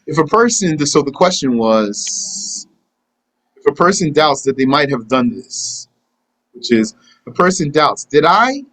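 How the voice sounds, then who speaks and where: A man's voice: on the high side, big pitch swings, unhurried, fairly bright tone, low-quality recording. A man teaching a live religious lesson and answering questions, talking conversationally and acting out imagined back-and-forth dialogues. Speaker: Islamic teacher.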